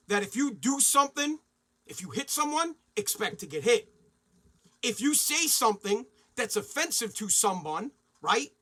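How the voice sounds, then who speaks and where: A man in his forties hosting a podcast, delivering a heated, profane monologue with loud bursts of indignation. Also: high voice. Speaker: podcast host.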